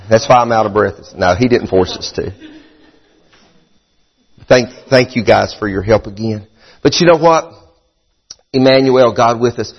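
A middle-aged man preaching a sermon as a pastor, a little out of breath. He repeats his phrases and swings between high, fervent bursts and low, chatty asides. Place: church sanctuary. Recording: muffled sound in a hall with long reverb.

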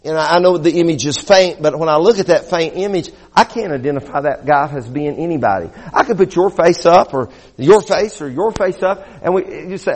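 A middle-aged man preaches a sermon in a high, bright register, leaning hard on key words and repeating lines for weight. His voice rings out in a church hall with a long, trailing reverb. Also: breathy edge. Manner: emphatic preaching with slow deliberate stresses and repetition. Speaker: pastor.

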